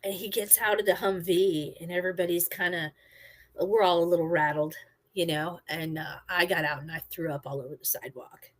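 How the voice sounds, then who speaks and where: A middle-aged woman and former army medic, casually telling a story and acting out her own quotes loudly. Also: lowish voice, steady tone, brisk.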